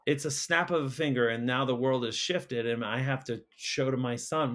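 A man, a school counsellor and podcast guest, telling a personal story in casual conversation, halting with many restarts and fillers. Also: medium pitch, fairly bright tone.

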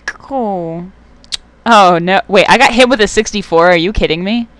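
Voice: medium pitch, normal speed, fairly bright tone, no room sound. A young adult gamer giving casual let's play commentary, swearing often, getting worked up and talking back to the game.

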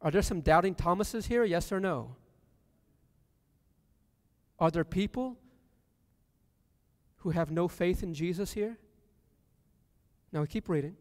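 Male preacher, high and smooth, reads scripture and quizzes the congregation, dry close mic with a long church reverb tail. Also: animated, takes it slowly, pauses often. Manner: reads scripture aloud, then asks the congregation questions. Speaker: pastor. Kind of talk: sermon. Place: church sanctuary.

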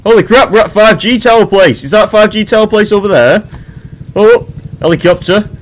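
Young lad doing let's play commentary, slightly high voice, cracks jokes and swears, faint hiss behind. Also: male voice, animated, moderate pace. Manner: chatty, swearing, jokey, talks to the game. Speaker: gaming commentator.

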